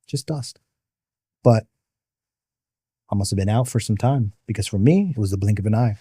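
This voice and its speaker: A mid-pitched man tells a hard personal story as a podcast guest. His tone is mellow and dark, and the studio sound is dry and close. He takes time to spell out military terms for the listeners. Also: normal speed, slightly rough, no room sound. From the Bronx, New York. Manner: vivid narrator who explains terms patiently.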